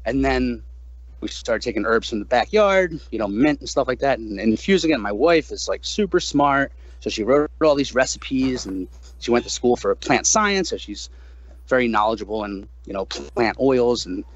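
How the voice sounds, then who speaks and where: A musician in his thirties, guesting on a casual podcast interview, talks animatedly at normal speed and swears freely, jumping up high in pitch when he quotes himself. There's no echo, though the audio is dull.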